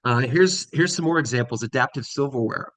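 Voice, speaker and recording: A man's voice: mid-range voice, fairly quick, fairly bright tone, no room sound. A middle-aged man giving a casual conference talk from slides, with many ums and restarts. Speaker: conference presenter.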